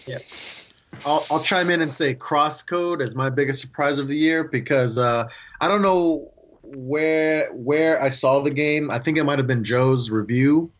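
A man on a podcast panel, chatting in a relaxed, easygoing way. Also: fairly high pitch, measured pace. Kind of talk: casual chat. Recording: muffled online call audio.

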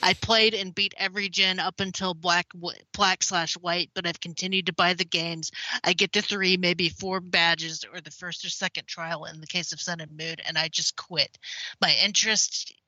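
A woman's voice: on the low side, level tone, moderate pace, sharp tone, no room sound, low-quality recording. A woman co-hosting a gaming podcast, reading listener mail in casual chat. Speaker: podcast co-host.

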